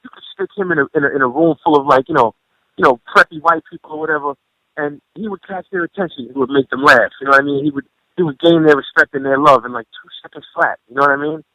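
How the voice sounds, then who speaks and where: A rapper phoning in as a guest, telling stories in a rambling, profane way, full of "you know". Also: male voice, on the high side, quick pace, bright, forceful tone, no room sound. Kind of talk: casual storytelling over the phone. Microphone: phone. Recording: muffled phone line.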